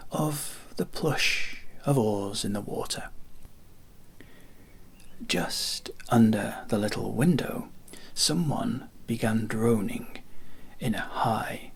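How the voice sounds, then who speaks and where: A man reading a classic short story aloud in calm, hushed narration that often drops to a half whisper. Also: on the low side. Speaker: reader.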